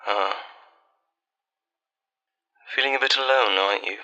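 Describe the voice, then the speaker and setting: A man in a whispered role-play as a boyfriend on a late-night call, soft, tender and reassuring, with breathy whispering. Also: medium pitch, unhurried, low-quality recording. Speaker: ASMR artist.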